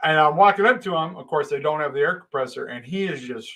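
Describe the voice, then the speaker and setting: A man's voice: on the high side, lively intonation, fast talker, pushed and bright, low-quality recording. A middle-aged man casually telling a long personal anecdote, rambling with restarts and acting out exchanges. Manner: rambling, with many restarts and dramatic voice shifts. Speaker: storyteller.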